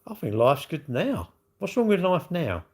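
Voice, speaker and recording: A man's voice: fairly high pitch, sing-song, measured pace, darkish tone. A man, rambling in casual livestream chat and answering viewers' comments with lots of tag questions. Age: 60s. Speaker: livestream host.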